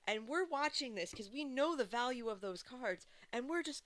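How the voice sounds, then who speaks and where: Talking to her chat while gaming on a live stream, a woman speaks in a high, fairly bright voice with lively intonation. She goes at a normal speed, hardly pausing, and rambles through fillers and false starts.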